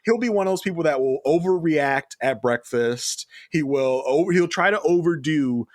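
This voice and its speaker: A man chatting on a podcast, talking animatedly and laughing often. His voice sits fairly high and swings widely in pitch. The sound is close and dry, with no room around it. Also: normal speed, no room sound. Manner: animated, laughing, acts out quoted people. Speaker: podcast co-host. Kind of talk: casual chat.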